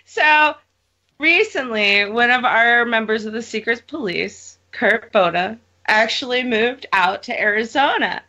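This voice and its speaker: A woman's voice: on the high side, animated, measured pace, pushed and bright, highs cut off. A woman hosting a podcast, casually chatting and teasing her co-host with sarcasm.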